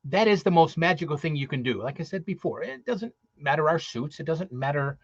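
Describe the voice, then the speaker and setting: Male Santa performer, chatty and rambling, voice a touch high, dull dry lo-fi sound. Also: animated, a little fast, slightly rough, no room sound. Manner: rambling, many restarts and fillers. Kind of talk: casual motivational talk.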